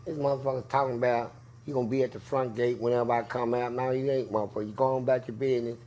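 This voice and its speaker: Animated, profane man telling prison stories. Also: rapid-fire. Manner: profane, acts out voices with big pitch jumps. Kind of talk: animated storytelling.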